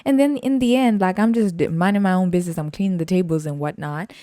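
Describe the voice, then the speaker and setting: A woman telling a casual story as a podcast host, animated and slangy, laughing often. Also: lowish voice, fast, dry recording, clean studio sound.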